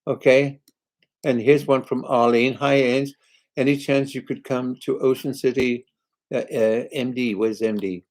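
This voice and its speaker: A man's voice: mid-range voice, steady tone, measured pace, a little mellow, rough recording. An older British man, a singer hosting a live chat, reading viewer comments aloud in a chatty, rambling way. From Britain.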